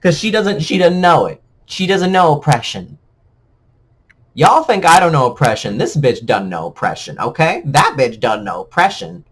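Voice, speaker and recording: A man's voice: on the high side, sing-song, normal speed, husky. A man ranting bitterly and sarcastically to camera in a vlog. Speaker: vlogger. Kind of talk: emotional rant to camera.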